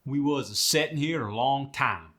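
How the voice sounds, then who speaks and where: Lightly acting, a man plays a folksy Midwest farmer guest in a comic accent lesson, speaking at normal speed with a medium-pitched, fairly bright voice. He uses a Midwest Farm Belt accent and draws out his demonstrations as the grown farmer type.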